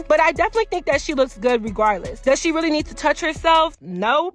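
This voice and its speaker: A woman's voice: sits high, a bit bright. A young woman in her twenties giving frank, opinionated takes in a casual vlog. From Nigeria. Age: 20s. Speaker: vlogger.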